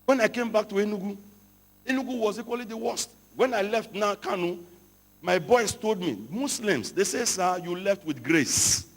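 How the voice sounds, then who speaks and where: A man preaching a sermon to pastors, telling stories and rising into shouted emphasis. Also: high-pitched, moderate pace. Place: large hall. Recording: hall reverb, from a distance.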